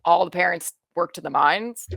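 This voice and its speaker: Rambling excitable woman, dry close mic. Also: lowish voice, normal speed, dry recording. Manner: rambling and excitable, many fillers and restarts. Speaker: guest watching a series for the first time. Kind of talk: casual chat.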